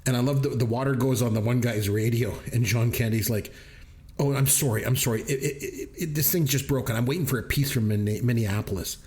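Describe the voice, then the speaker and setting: A man's voice: mid-range voice, fairly quick, darkish tone. A man co-hosting a movie review podcast, retelling scenes in a casual chat and laughing often as he goes. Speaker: podcast co-host.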